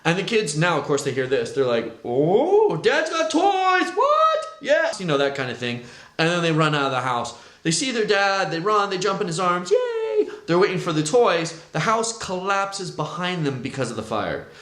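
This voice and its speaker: Guy telling his story on a vlog, lively up and down, echoey room. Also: on the high side, fairly quick. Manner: conversational, animated storyteller. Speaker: vlogger sharing his testimony. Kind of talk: personal testimony vlog.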